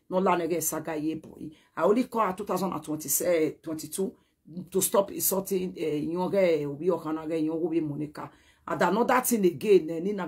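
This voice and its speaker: Husky woman with a Nigerian accent. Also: fairly low pitch. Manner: emphatic and rambling, code-switching. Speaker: social media personality. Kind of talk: direct-to-camera message.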